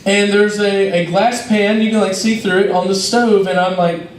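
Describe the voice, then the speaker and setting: A young man, a youth minister telling lively, self-mocking stories to a youth service. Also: sits high, normal speed, slight background noise. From North Georgia, USA. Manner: lively, self-mocking storyteller who acts out scenes. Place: church hall. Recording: roomy hall, mic at a distance.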